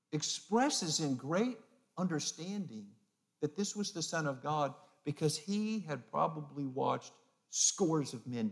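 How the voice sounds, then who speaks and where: A pastor delivers a sermon with emphasis, swinging between loud peaks and hushed, low phrases. He also acts out the mocking voices of the crowd.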